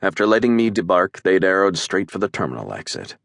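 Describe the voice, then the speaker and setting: A man narrating an audiobook in the first person, measured and even, on a close studio mic. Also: low voice, gravelly, no echo.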